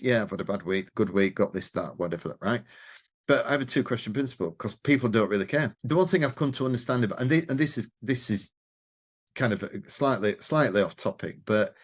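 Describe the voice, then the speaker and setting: A middle-aged man, a podcast guest telling stories in casual conversation and acting out the dialogue he quotes. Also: mid-range voice. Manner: animated, acts out quoted dialogue, swears casually. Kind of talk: conversational storytelling.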